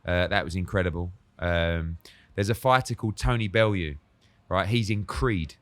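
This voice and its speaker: A British man, a boxing promoter, telling lively sarcastic stories in a casual podcast interview and acting out the quotes. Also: sits low, normal speed. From England. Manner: animated storyteller, acts out quotes, sarcastic.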